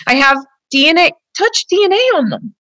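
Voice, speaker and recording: A woman's voice: extremely high pitch, big pitch swings, fairly quick, pushed and bright, no room sound. Earnest, emotional woman in a dry room. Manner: earnest and emotional, with frequent "like" and "you know"; speaks directly to the hosts. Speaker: guest. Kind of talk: personal account in a conversation.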